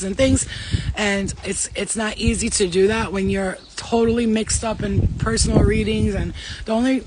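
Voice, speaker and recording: High-voiced man, fast and profane. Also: slight background noise. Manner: fast, profane, playful, talks straight to chat. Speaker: spiritual reader, live-streaming host. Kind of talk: casual live-stream chat with viewers.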